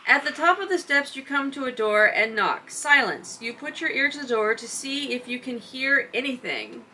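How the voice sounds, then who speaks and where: A woman co-hosting a podcast, reading a gamebook aloud in an animated way. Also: sits high, normal speed, far from the mic, a little hiss or hum. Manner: animated storytelling. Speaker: podcast co-host.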